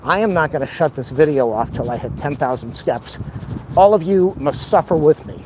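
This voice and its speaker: A man in a walking vlog, ranting with strong opinions and puffing as he climbs. His voice sits a little high. Faint street noise hangs behind him outdoors. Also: expressive, moderate pace. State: out of breath from walking uphill. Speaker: vlogger.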